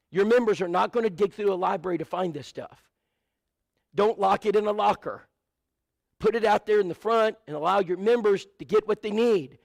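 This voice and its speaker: A man's voice: high-pitched, no room sound. A man preaching a sermon, telling stories and rattling off lists of supplies with asides to the congregation. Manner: storytelling with many lists and asides.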